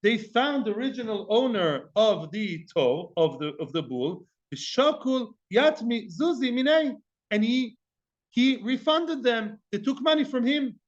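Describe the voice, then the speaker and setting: Lively male Talmud teacher, high voice, acts out dialogue, dull lo-fi sound. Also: measured pace. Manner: animated, mixes Hebrew and Aramaic terms, acts out dialogue. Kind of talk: lively Talmud class lecture.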